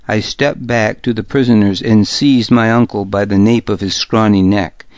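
A man narrating a story in the first person, measured and even. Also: fairly low pitch, dry recording, lo-fi sound. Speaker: audiobook narrator.

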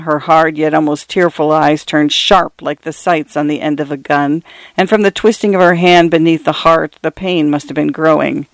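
A man narrating literary fiction in a measured first-person reading. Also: on the high side, steady tone, no echo. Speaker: audiobook narrator.

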